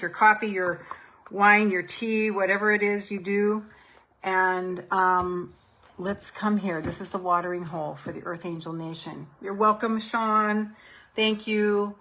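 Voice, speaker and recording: A middle-aged woman hosting a live spiritual session, guiding listeners through slow, prayerful affirmations. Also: mid-range voice, sharp tone, a little hiss or hum. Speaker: host and self-love coach. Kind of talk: guided spiritual meditation on a live stream.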